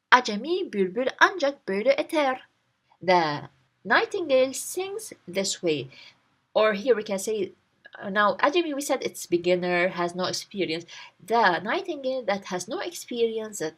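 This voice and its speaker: A woman teaching the language, reading a short story line by line and explaining each word in English. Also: medium pitch. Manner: reads a line, then breaks it down word by word.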